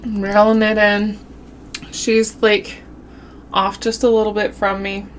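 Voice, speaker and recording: A woman vlogger casually telling a spooky story while eating, with a runny nose and an animated, drawn-out way of talking. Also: medium pitch, slight background noise. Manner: animated storytelling with southern-style "y'all". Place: home, eating on camera.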